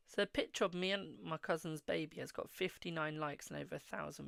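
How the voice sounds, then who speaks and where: Tarot streamer with a gravelly voice, keeps saying my darling, mutters over the cards. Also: medium pitch, brisk, hardly any pauses, a bit bright, dry recording. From England. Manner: calls viewers "my darling", murmurs while drawing cards. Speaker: tarot reader, live-stream host. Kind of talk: casual live-stream tarot reading.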